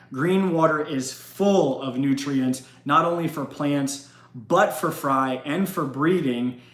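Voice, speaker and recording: A man's voice: a little high, a bit bright. A man hosting a casual live question-and-answer stream, chatty and rambling, often laughing. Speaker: livestream host. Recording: roomy echo.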